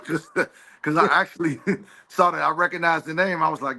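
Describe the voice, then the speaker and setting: A man's voice: a little high, steady tone, moderate pace, vocal fry, bright, forceful tone. A man, an event organizer talking casually and rambling, with many fillers and easy swearing. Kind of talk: casual chat.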